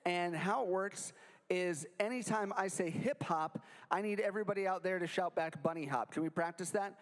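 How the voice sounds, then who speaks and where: Entertaining children at a library, a young man hosts a silly, interactive show with sing-along parts, joking with the kids throughout. His high voice moves at a moderate pace, and the room sounds big.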